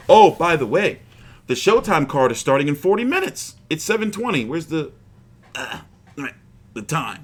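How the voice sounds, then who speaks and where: Animated profane boxing stream host. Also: male voice, medium pitch. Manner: profane, rambling, frustrated. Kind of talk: casual livestream chat.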